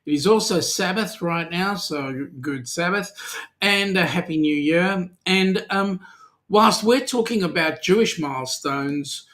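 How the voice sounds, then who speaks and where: A middle-aged Australian man hosts a relaxed live-stream chat about cruising, his voice sitting a little higher than most men's. He greets viewers by name and teases them good-naturedly. His talk is loose, with frequent ums and uhs. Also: a little slow. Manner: chatty, teasing, many ums and uhs. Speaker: co-host of a weekly cruising chat. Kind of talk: casual live-stream chat reading comments.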